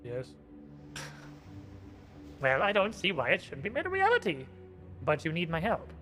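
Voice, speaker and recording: A scheming male vampire lord with a low, menacing voice, drenched in reverb, as a man puts him on. He speaks slowly and coolly, full of condescension, with a faint game score behind him. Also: huge pitch swings, a bit bright, faint music behind. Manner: slow, cool and condescending.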